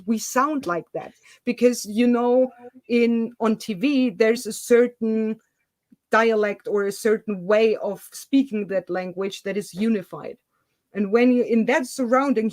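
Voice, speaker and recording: A woman's voice: fairly high pitch, dry recording. A woman with a Swabian German accent, a non-native English speaker, explaining things at length as the host of a casual video-call chat. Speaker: channel host.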